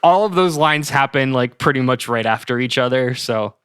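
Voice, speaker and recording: A man co-hosting a podcast, telling a story in animated casual chat and laughing often. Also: medium pitch, moderate pace, smooth, no echo, studio quality. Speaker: podcast co-host.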